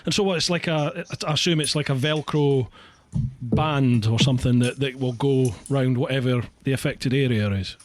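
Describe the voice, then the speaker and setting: A man's voice: medium pitch, moderate pace. Scottish man hosting a chatty podcast. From Scotland. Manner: chatty, laughs often, self-deprecating. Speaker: podcast host. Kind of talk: casual chat.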